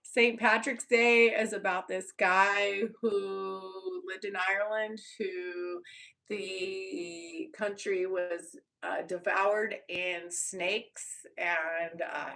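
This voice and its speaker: A young woman with a Texan accent chats on a live stream at an unhurried, drawn-out pace. Her voice sits at an ordinary middle pitch. She talks bluntly and loosely, swears freely and laughs a lot. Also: fairly even intonation, pushed and bright. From Texas. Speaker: YouTuber. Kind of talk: casual live-stream chat with viewers.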